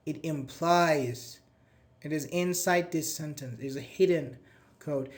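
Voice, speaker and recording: Chatty male teacher, slightly high voice. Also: fairly even intonation, a little slow. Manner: chatty, praises students by name, asks questions. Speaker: English teacher. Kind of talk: live online class, explaining grammar.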